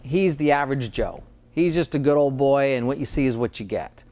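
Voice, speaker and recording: A man's voice: mid-range voice, a little fast, darkish tone. A middle-aged American dentist in a casual interview, earnest and sometimes getting emotional about his work. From United States.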